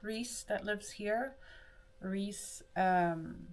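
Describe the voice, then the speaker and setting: A woman livestreamer with a mid-range voice speaks very slowly, chatting casually with viewers while doing her hair. She rambles, restarts her sentences, and answers chat.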